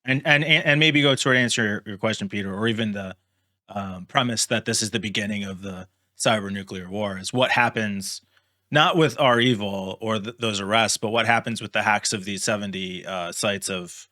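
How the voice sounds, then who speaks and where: A man's voice: on the low side, moderate pace, bright, forceful tone. A man co-hosting a casual podcast, thinking aloud with hesitations. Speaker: podcast co-host. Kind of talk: casual chat.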